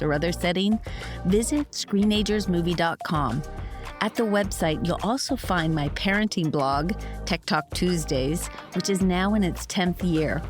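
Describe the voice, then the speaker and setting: A woman podcast host giving a measured, friendly scripted sign-off. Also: lowish voice. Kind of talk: scripted podcast outro and interview. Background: music.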